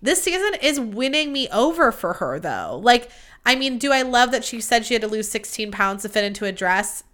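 A woman's voice: a little high, sing-song, moderate pace, a bit bright. A young woman hosting her own podcast, chatting candidly in a rambling, confessional way and swearing freely. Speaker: podcast host. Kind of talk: casual solo podcast chat.

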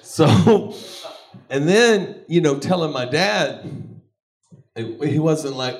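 A man doing a stand-up comedy set, crude and animated, often laughing between lines. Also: a little high, extremely slow. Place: comedy club stage.

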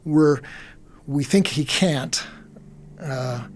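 A man's voice: on the high side, extremely slow. A man in casual conversation about faith and doubt, rambling, repeating words and using many fillers.

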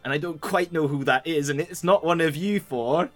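A man's voice: fairly high pitch, moderate pace, fairly bright tone, faint music behind, pitched above the performer's own voice, lightly acted. A man voicing an imperious, irritated female ruler in a tabletop game, talking in a sarcastic, scolding way.

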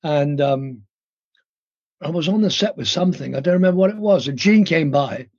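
A little high and animated, an older Indian guest actor's mellowish voice moves at normal speed as he tells meandering, hesitant stories with frequent ums and restarts. It's a casual interview on a remote call line, and the audio is dull with no room sound.

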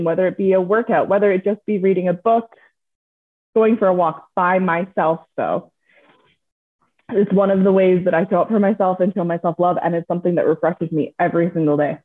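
A woman's voice: on the low side, steady tone, fairly quick. Earnest woman guest on a tinny line. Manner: earnest, upbeat, laughs easily. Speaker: guest, coaching client. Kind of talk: casual interview.

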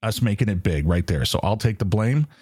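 A man's voice: lowish voice, lively intonation, brisk, a little mellow, husky, no echo, studio quality. Joking Midwestern man hosting a podcast. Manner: self-mocking, joking. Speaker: podcast host. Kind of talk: casual podcast talk. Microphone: studio mic.

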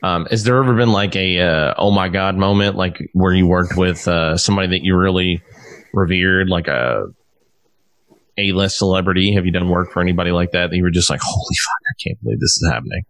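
A man's voice: low voice, steady tone, brisk, a bit bright, dry recording. A man hosting a casual podcast chat, rambling and swearing freely with lots of restarts. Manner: rambling and profane, with many restarts. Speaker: podcast host, musician.

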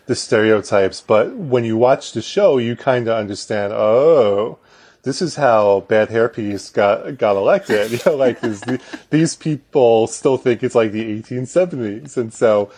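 Casting: mid-pitched man, rambling casual guest with lots of filler. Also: expressive, a little slow, a little mellow, husky. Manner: rambling, self-deprecating, with filler and laughs. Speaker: podcast guest. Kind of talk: casual chat.

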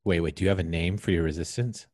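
A man hosting a podcast, asking questions in a relaxed, joking way. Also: low-pitched, no room sound, clean studio sound. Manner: joking, tosses in quick questions. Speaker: podcast host. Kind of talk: casual conversation.

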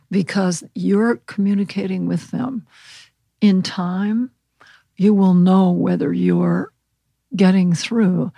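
Woman w/ a husky gravelly voice, calm teacher-ish tone, podcast guest, dry close mic. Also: fairly low pitch, no echo. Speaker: animal communication counselor. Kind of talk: podcast interview, guided visualization.

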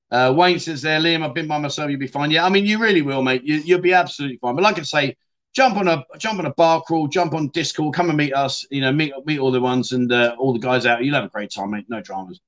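Bloke reading out chat on his livestream, slightly high voice, says mate a lot. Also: fairly bright tone. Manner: chatty, swears, frequent "mate". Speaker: livestream host. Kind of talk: casual chat reading viewer comments.

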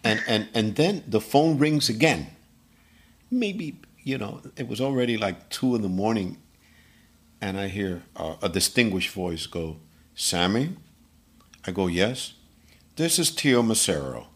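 A man from Puerto Rico, a guest musician telling animated stories in an interview, often repeating words. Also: on the low side, measured pace, slightly rough. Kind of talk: storytelling interview.

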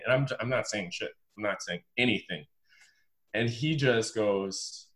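A man from the United States, a former pro volleyball player, telling his story as a podcast guest in an emphatic, animated, casual way. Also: on the low side. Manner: emphatic and animated, repeats words, says "bro".

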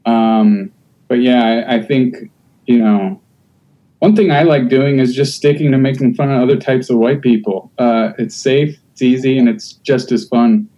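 A man's voice: medium pitch, measured pace, warm tone, soft background music, low-quality recording. A man chatting casually on a podcast, rambling with many fillers and restarts. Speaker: podcast host.

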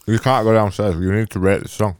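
A man's voice: fairly low pitch, level tone, fast, a little mellow, clear, resonant tone, no room sound, clean studio sound. A man co-hosting a casual podcast chat, teasing his friend playfully. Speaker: podcast co-host.

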